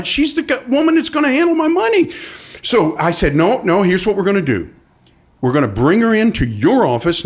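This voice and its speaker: A middle-aged man telling a personal story on stage, acting out the people in it. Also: medium pitch. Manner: animated, acts out quoted voices. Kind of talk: live storytelling.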